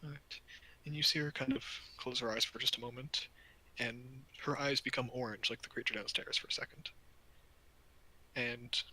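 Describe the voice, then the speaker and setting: A man's voice: mid-range voice, bright, forceful tone, husky, low-quality recording. A man narrating a tabletop game as game master, in a casual, loose way full of fillers.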